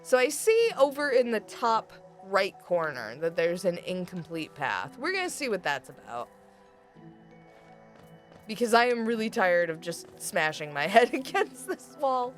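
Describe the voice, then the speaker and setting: A woman's voice: mid-range voice, unhurried. Lady streamer gaming n chatting w chat, laughs a lot, swears, voice jumps all over, faint music behind. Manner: animated, laughing often, swears freely. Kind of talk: casual gameplay chat with chat.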